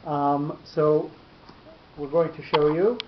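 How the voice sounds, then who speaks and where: A man's voice: a little high, steady tone, takes it slowly, a little hiss or hum. A man teaching a class on Torah cantillation, explaining patiently step by step and restarting his sentences often. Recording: echoey lo-fi room recording.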